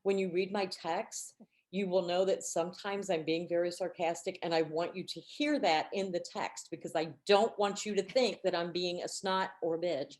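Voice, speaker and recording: A woman's voice: fairly even intonation, normal speed, darkish tone. A woman and team director co-hosting a book club, chatting and acting out the people she quotes. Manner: chatty storyteller who acts out quotes with a raised pitch. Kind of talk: casual chat and reading aloud.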